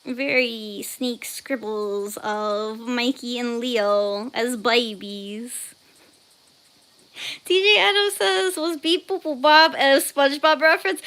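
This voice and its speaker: A young woman with a high, unhurried voice hosts a casual art stream and reads viewers' messages aloud. Her tone is bright and light, and she breaks into laughter and squeals easily. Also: smooth. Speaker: art livestream host. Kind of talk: casual livestream chat while drawing.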